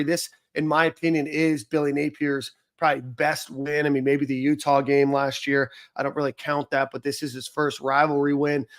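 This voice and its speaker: A man hosting a sports podcast in casual chat, talking easily with many fillers. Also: fairly high pitch. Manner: conversational, lots of fillers like um and you know. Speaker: podcast host.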